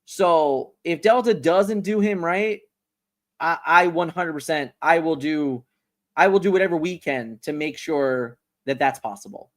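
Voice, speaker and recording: A man hosting a casual livestream, talking in a rambling, animated way and often repeating words as he restarts. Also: a little high, unhurried. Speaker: livestream host.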